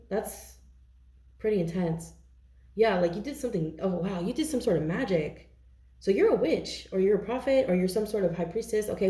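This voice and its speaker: A woman's voice: medium pitch, dark tone, reverberant. A woman doing a casual tarot reading to camera, chatty and intuitive, often checking in with "okay?". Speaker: tarot reader.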